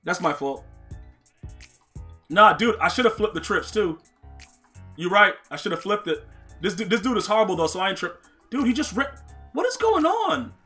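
A man streaming a football video game, excitable and trash-talking, shouting at plays and chatting with his viewers. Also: sits high, moderate pace, long pauses, soft background music. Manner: chats with viewers while playing. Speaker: gaming streamer. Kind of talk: live gameplay commentary.

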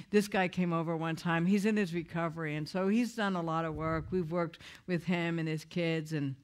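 A woman's voice: on the low side, steady tone, moderate pace, few pauses. A woman giving an earnest, candid recovery talk in a conversational way, often restarting her sentences. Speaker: recovery speaker.

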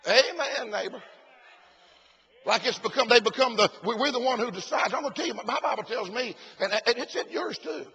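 High, shouting preacher. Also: male voice, fairly quick, breathy edge. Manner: preaching with shouted bursts and "bless God" asides. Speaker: pastor. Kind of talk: sermon. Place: conference hall.

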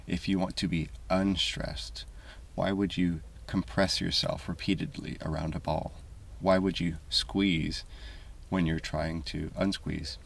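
A man with a very low, gravelly voice reads a scripted essay in a calm, even, measured way. His tone stays flat and husky, and he sounds a little far from the mic. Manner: calm, measured, deliberate delivery. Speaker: video essay narrator. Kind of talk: scripted voice-over narration.

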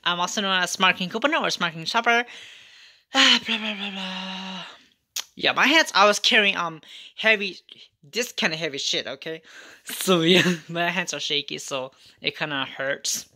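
A woman vlogs to camera about her couponing and shopping, rambling in a sassy, repetitive way. Her voice sits a little low but has a bright, sharp edge. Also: moderate pace. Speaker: couponing vlogger. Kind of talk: rambling storytime vlog.

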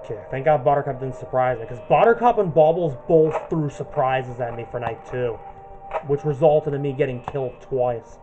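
A man's voice: medium pitch, moderate pace, dull audio, music in the background. A man hosting a gaming channel, giving casual commentary and narrating each move as he plays.

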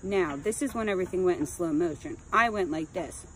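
A woman telling a crude, comic personal story in an animated, casual way into a phone. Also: lowish voice, fairly quick, slight background noise, rough recording.

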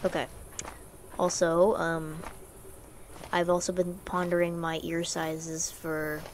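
A woman's voice: fairly low pitch, flat delivery, slow, slight background noise. A young woman streaming a horror game, swearing freely, rambling and gasping at scares. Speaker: gaming streamer. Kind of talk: horror game playthrough commentary.

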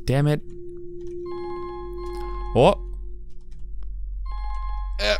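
A man's voice: medium pitch, sing-song, unhurried, long pauses, faint music behind. A man giving wry, chatty commentary while playing a game and reading its text aloud. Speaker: let's play gamer.

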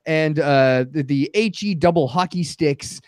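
A man's voice: a little high, a little slow, no room sound, clean studio sound. A man in a casual panel chat, playful, mimicking others in silly voices to make a point.

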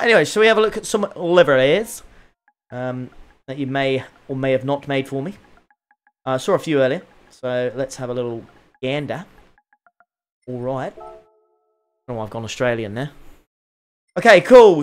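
A man streaming a racing game, chatting casually with viewers, excitable and jokey with plenty of swearing. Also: fairly high pitch. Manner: excitable, joking, swears freely. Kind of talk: casual live-stream commentary.

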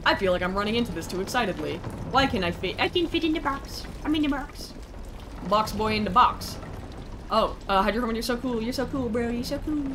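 Higher-voiced woman streamer, noisy audio. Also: brisk. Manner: playful, chatty with chat, excitable squeals. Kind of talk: casual gameplay commentary.

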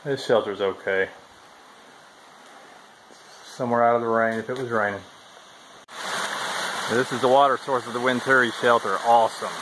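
A man's voice: medium pitch, steady tone, moderate pace, pauses often, fairly bright tone, a little hiss or hum, rough recording. Laid-back man vlogging from the trail. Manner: laid-back Southern-style talk with "y'all". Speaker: thru-hiker vlogger. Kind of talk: casual vlog chat. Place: outdoors at a forest trail shelter.

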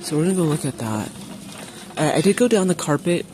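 A woman's voice: deep voice, animated, fairly quick, over music. A woman chatting to her viewers while shopping in a large store, reading out prices, a bit sniffly from allergies. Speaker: shopping vlogger. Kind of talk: casual shop-with-me chat. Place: large retail store, indoors. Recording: store ambience noise.

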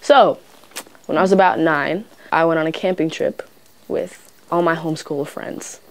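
A young woman casually telling a childhood story, rambling with lots of fillers and swearing freely, rushing and then slowing and getting loud at the tense parts. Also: low voice, fairly even intonation. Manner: rushes and slows in bursts, gets loud in tense parts. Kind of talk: casual anecdote.

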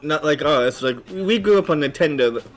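Male co-host, slightly high voice, halting and repetitive, casual chat. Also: expressive, soft background music. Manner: halting, repeats words and restarts. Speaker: podcast co-host.

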